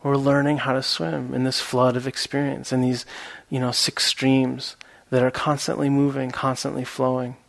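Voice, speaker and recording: A man giving a relaxed, rambling meditation talk that mixes a story with teaching and is full of fillers. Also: mid-range voice, moderate pace, gravelly, few pauses. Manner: laughs at his own story.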